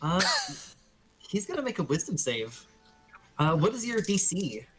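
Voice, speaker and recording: A man narrating as dungeon master in a casual, halting way with many fillers. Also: fairly high pitch, very animated, loud music behind the voice. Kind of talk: narrating a tabletop game.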